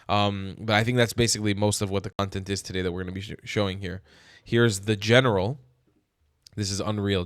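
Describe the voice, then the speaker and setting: A man hosting his channel, reacting to social media posts with animated, incredulous and mocking commentary. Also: mid-range voice, smooth, no room sound, studio quality.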